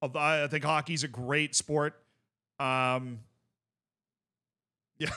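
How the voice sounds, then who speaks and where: A man's voice: a little high, level tone, drawn-out words, long pauses, bright, forceful tone, clean tone. A male streamer chatting casually while reacting to clips, enthusiastic and rambling, full of fillers.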